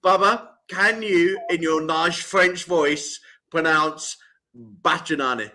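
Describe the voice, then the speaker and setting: Cheeky guy hosting a live show, super bright voice, a bit high, jokey banter. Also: takes it slowly. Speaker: show co-host.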